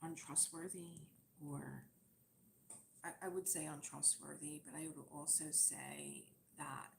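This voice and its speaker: A gravelly, low female voice with a steady tone and a slightly slow delivery, with a little hiss or hum behind it. She chats at length while working on a craft project on her livestream, rambling and laughing a lot.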